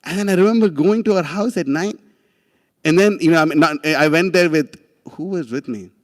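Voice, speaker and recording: A man giving a religious class, telling a story in an animated, casual way with many restarts and laughs. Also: on the high side, fairly quick, long reverb tail.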